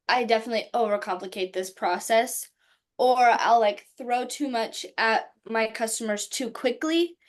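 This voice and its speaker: A woman on a video call, candidly reflecting on what she took from a book chapter. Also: on the high side. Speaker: book study participant. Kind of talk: casual group discussion.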